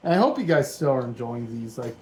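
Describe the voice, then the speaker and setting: A man's voice: mid-range voice, very animated, fast, darkish tone, a little hiss or hum, poor audio. Easygoing man rambling through a Lego build. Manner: rambling, thinking aloud, easygoing. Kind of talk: casual build commentary. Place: dim room at home.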